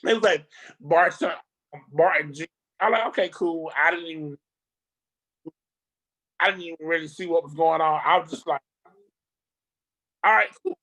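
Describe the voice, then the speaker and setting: A speaker on a video call, telling a rambling, animated story in casual chat, with slang and swearing. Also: mid-range voice, moderate pace, pauses often.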